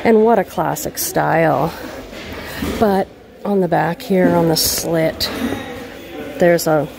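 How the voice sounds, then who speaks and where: A woman's voice: low voice, takes it slowly, creaky, noisy background. A woman in her thirties chatting casually to camera about her thrift finds, upbeat and full of "like". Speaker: reseller vlogger. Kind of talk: casual haul chat to camera. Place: thrift store and car, indoors and out.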